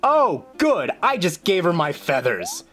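Casual game commentary, playful and jokey, animated pitch, game music clearly underneath. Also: unhurried. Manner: playful, jokey, excitable outbursts. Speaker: gameplay video journal host.

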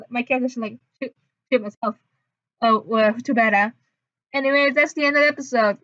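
A woman's voice: fairly high pitch, steady tone, brisk, long pauses, fairly bright tone, dry recording. A woman narrating a story game and adding self-mocking asides, on a dull lo-fi recording. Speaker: YouTuber reading a story game.

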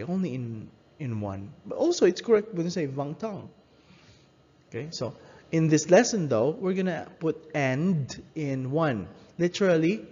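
A man's voice: on the high side, warm tone. A man teaching a language lesson, patiently repeating each word and stopping to correct himself. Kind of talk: slow spoken lesson. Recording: dull reverberant room audio.

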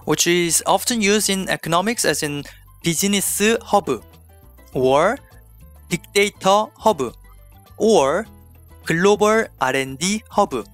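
A man teaching an online language lesson, explaining clearly and slipping in small jokes. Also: sits high, expressive, fairly quick, pauses often, a bit bright, soft background music. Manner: playful, slips in small jokes.

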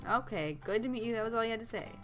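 A woman playing a farming game and commenting casually, excitable, squealing and yelling at what happens on screen. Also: a little high, rapid-fire, soft background music. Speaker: let's play gamer.

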